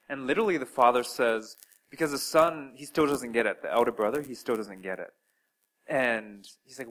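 Male preacher, mid-pitched, earnest sermon delivery with big swings in loudness. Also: moderate pace, poor audio. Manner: talks to listeners with direct questions.

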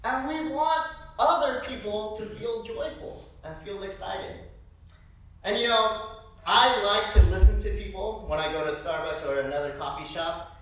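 A man preaching a sermon, telling stories in an animated way and often tossing out a rhetorical "right?". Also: high voice, normal speed. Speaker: pastor. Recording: echoey hall, distant mic.

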